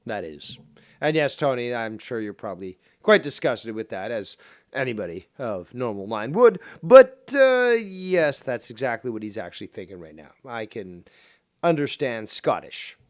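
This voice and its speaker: Sarcastic male call-in host, mid-pitched, dry close sound. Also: lively intonation, moderate pace, no room sound. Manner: mocking, sarcastic, insulting. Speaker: stream host. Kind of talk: live call-in commentary.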